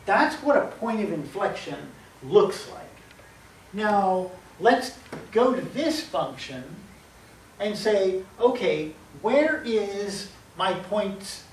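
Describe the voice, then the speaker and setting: Animated teacher in a roomy classroom. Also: male voice, high-pitched. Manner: lively, acts out little scenes, self-correcting. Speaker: math teacher. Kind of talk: calculus lecture at a board. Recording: roomy, distant mic, faint hum.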